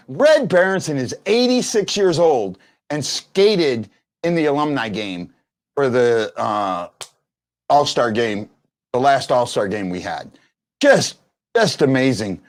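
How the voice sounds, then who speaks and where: Brief: male fan-show host, slightly high voice, rambling storyteller. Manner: rambling storyteller, restarts often. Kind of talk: casual sports chat.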